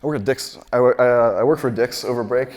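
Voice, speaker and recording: A man's voice: medium pitch, fast talker, darkish tone. A man in his twenties doing a stand-up comedy set at a live show, talking in a loose, rambling way with lots of filler words and acting out the voices of people in his stories. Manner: acts out quoted voices.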